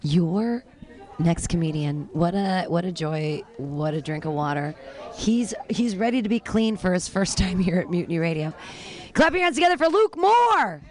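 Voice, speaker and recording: A woman's voice: lowish voice, lively intonation, normal speed. A woman hosting a comedy show, introducing comedians in a playful, giggly way.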